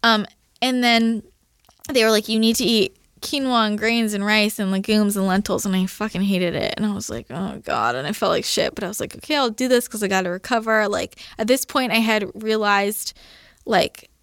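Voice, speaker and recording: A young woman telling a personal story as a guest in a casual podcast chat, animated and swearing freely as she acts out her own quotes. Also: mid-range voice, moderate pace, clear, resonant tone, no room sound, clean studio sound.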